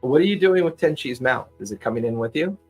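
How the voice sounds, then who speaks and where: A man running a tabletop game as game master, narrating in a relaxed, halting way with repeats. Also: medium pitch, breathy edge, faint music behind.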